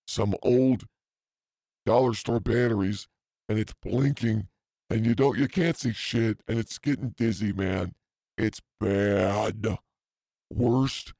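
A man's voice: lowish voice, vocal fry, mellow, no echo. A man in his fifties hosting a podcast, telling a rambling story in a profane, self-mocking way, full of asides. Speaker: podcast host.

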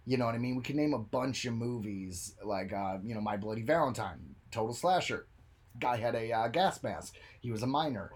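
A man co-hosting a podcast in casual chat, animated and jokey, who talks about his own film work. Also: medium pitch, normal speed, breathy edge. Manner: animated, jokey, bursts into silly voices. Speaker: podcast co-host.

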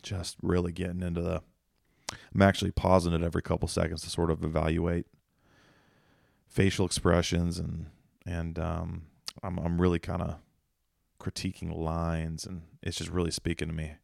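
Low gravelly guy hosting a podcast, rambly and jokey, dry close sound. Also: monotone, normal speed, long pauses, darkish tone, no echo. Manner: joking, meandering, self-mocking. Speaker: podcast host. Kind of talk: casual rambling monologue.

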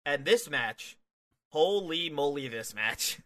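Bright-voiced man, laughing casual chat. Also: on the high side, takes it slowly. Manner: laughs often, acts out wrestlers in animated bursts. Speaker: podcast co-host. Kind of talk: casual wrestling review chat.

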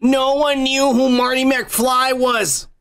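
A man's voice: extremely high pitch, little pitch movement, takes it slowly, a bit bright, clean tone. A man co-hosting a casual podcast, talking in a profane, laughing, rambling way. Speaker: podcast co-host. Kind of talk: casual drinking chat.

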